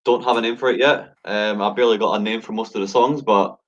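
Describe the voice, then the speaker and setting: A man in his twenties, a rapper guest, chatting loosely after a couple of drinks and drawling slowly. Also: lowish voice, fairly even intonation, a bit bright. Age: 20s. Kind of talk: casual chat. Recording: dull lo-fi sound.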